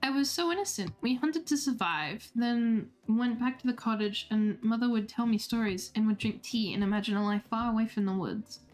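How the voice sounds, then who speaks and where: Woman reading as a soft-spoken giant huntress. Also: a little high, moderate pace, few pauses, soft background music, close to an everyday voice. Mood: wistful. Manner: gentle reminiscing, no accent put on.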